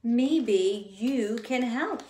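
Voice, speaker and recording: A woman voicing a shy, lonely little male unicorn from a storybook, in a high, pleading voice. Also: animated, extremely slow, dark tone, reverberant. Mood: hopeful.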